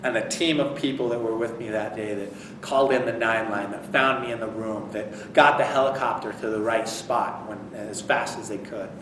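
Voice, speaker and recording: A man giving an inspirational speech at a convention, telling a personal story in a conversational and animated way. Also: lowish voice, moderate pace, few pauses, a little hiss or hum. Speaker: speaker at a convention. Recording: echoey hall, recorded from far off.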